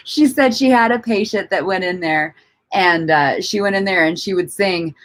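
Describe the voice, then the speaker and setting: A woman's voice: lowish voice, moderate pace, fairly bright tone. A woman hosting a casual livestream chat from home, laughing often, swearing freely and rambling with restarts while she greets and answers viewers. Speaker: livestream host.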